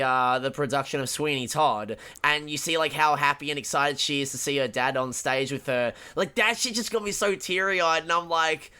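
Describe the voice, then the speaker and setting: A man co-hosting a podcast talks through a movie in loose, profane bursts. He keeps restarting his sentences. His voice sits a bit high and rings bright. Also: smooth. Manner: animated, profane, halting with many restarts. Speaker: podcast co-host. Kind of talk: casual film-review chat.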